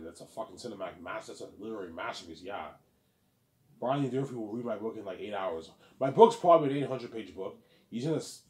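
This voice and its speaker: Boastful fast-talking man, lively pitch. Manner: boastful, profane, repeats himself, acts out imagined praise. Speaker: self-published author and vlogger. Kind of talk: boastful rambling monologue.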